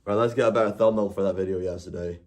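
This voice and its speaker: A man's voice: low voice, steady tone, quick pace, darkish tone. A man chatting casually and rambling on a live stream, laughing and swearing as he goes.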